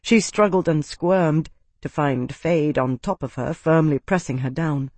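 A man narrates a fantasy audiobook with steady, dramatic, slightly slow pacing. His voice is a little higher than most men's, and the recording is completely dry, with no room sound.

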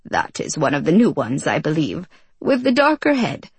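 A man's voice: fairly high pitch, wildly swooping pitch, moderate pace, breathy edge, dry recording, full character voice. A woman reading a storybook voices a cheerful, unflappable male servant who speaks lightly and politely to his master. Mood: amused, polite.

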